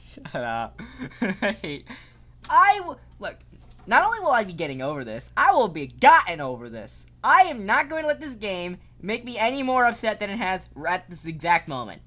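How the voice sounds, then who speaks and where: A young man streaming a game live, casual and excitable, cursing often and swinging from mock calm to yelling. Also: high voice, normal speed.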